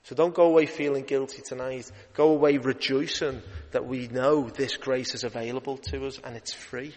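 A man preaching an evening sermon, lively and emphatic, rising in urgency as he drives his points home. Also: mid-range voice, moderate pace. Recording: long hall reverb.

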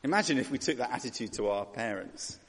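A man's voice: medium pitch, animated, quick pace, breathy edge, in a large hall. A man preaching a sermon in a conversational way, asking rhetorical questions and voicing characters.

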